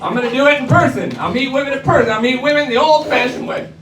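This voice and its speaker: High-voiced brash male stand-up comic. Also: fast, background noise. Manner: brash, swearing, storytelling with quoted voices. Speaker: stand-up comedian. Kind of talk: stand-up comedy set. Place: comedy club stage before a live audience. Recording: roomy club recording from a distance, crowd laughter.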